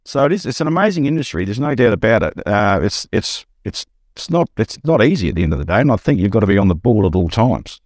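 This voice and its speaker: A middle-aged Australian man, a buyer's agent, telling an animated anecdote on a podcast and acting out the quotes. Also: quick pace, hardly any pauses, dry recording, studio quality. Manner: storytelling, acts out quotes with rising pitch.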